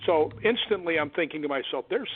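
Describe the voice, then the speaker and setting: A man tells a story as an interview guest, animated and putting on the voices of the people in it. He comes through a thin, tinny phone line. The sound is dry and close, with no room around it. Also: fairly high pitch, fairly quick, slightly rough, no echo. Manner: animated, acts out quoted voices. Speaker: guest, stuntman and ghost hunter.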